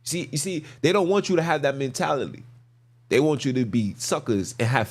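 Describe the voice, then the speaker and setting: A man's voice: a little high, animated, fairly quick. Emphatic, slangy man preaching. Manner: emphatic, slangy, repeats phrases for stress. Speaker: podcast host. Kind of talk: preachy scripture commentary.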